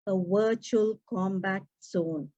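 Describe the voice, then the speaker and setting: A woman, giving an expressive prepared speech as an educator and acting out quoted dialogue. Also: medium pitch, takes it slowly. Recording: dull muffled recording.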